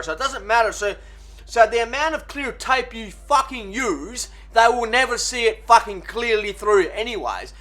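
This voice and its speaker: A man's voice: sits high, a bit bright. A man giving rambling, sweary mock how-to advice while hungover. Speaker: vlogger. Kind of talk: comedic how-to vlog.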